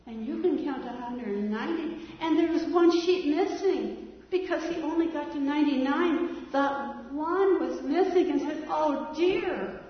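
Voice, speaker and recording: A woman telling a story to a child in a gentle, coaxing way, asking the child to join in. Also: sits high, normal speed. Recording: echoey room from far off, dull sound.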